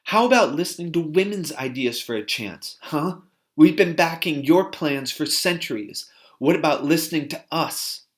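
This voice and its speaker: A man voicing a furious woman shouting at men. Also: steady tone, a little slow, lightly acted. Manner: shouting, accusing, rising in pitch.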